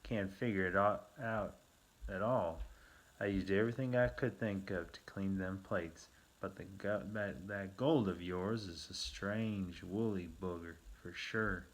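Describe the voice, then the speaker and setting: A man's voice: deep voice, a little slow. A man doing a whiny frontier mill man. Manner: whiny drawl with rough frontier slang.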